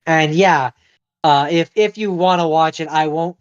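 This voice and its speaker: A podcast co-host in casual chat, hesitant and filling pauses with ums. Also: mid-range voice, smooth, no echo. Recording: dull dry sound.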